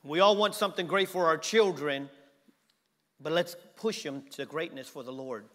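A man's voice: on the high side, moderate pace, sharp tone, long reverb tail. A man preaching a sermon with an emphatic, repetitive cadence.

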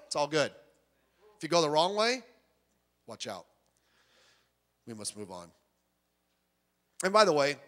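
A man preaching a sermon as pastor of his church, lively and conversational, acting out the people he quotes. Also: fairly high pitch. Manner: animated, acts out quoted voices. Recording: long hall reverb.

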